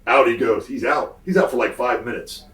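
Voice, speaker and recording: A middle-aged man tells a story in a relaxed interview and animates it by acting out the other people's voices. His voice sits at an ordinary pitch. He sounds set back from the mic in a room with an echo. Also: a little fast. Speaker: interview guest, former wrestler. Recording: roomy, distant mic.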